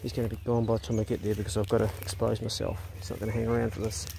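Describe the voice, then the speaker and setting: A man's voice: on the low side, level tone, very fast, vocal fry, warm tone, a little hiss or hum. A man filming himself on a farm, giving casual hunting commentary, swearing freely and talking to his dog. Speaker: hunting vlogger. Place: outdoors on a farm.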